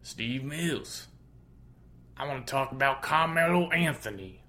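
A man's voice: medium pitch, lively intonation, measured pace, pushed and bright, voice pushed up. A man doing a folksy, drawling old-man impression. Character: drawling older man impersonating a famous musician.

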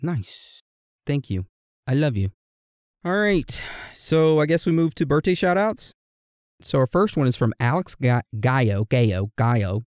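Man, podcast co-host, casual chat, playful, dry close sound, mid pitch. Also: big pitch swings, a little slow, no room sound. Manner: playful, reads listener shout-outs.

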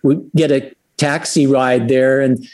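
A man's voice: mid-range voice, steady tone, a little slow, darkish tone. A man, a musician guest, telling a story in casual talk, rambling and amused.

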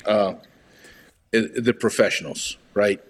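A man with a somewhat low voice co-hosts a relaxed movie conversation. He keeps agreeing and chiming in with short affirmations, then settles into laying out his own picks at an easy pace. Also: takes it slowly, a little hiss or hum. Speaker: podcast co-host. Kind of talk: casual chat about movies.

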